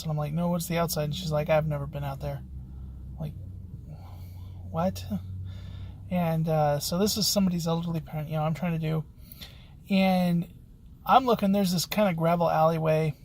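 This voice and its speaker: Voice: medium pitch, a little mellow, slight background noise. A locksmith hosting a podcast, telling a work anecdote in a rambling, conversational way. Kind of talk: casual spoken anecdote.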